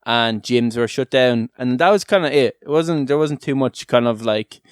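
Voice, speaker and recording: A man's voice: medium pitch, normal speed, clear, resonant tone, no echo, clean studio sound. A young Irish man hosting a podcast in casual chat, talking loosely with many fillers and frequent laughs. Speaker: podcast host.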